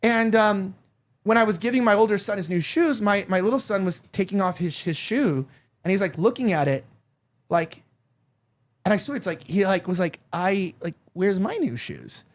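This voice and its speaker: At a moderate pace and high pitch, a thirtysomething man hosting a talk show rambles candidly. His casual chat has a confiding tone and is peppered with fillers and restarts.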